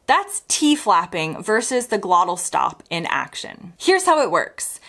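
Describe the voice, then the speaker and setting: Lively American woman explaining accents. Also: on the low side, a little slow. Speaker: accent teacher. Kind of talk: explainer video.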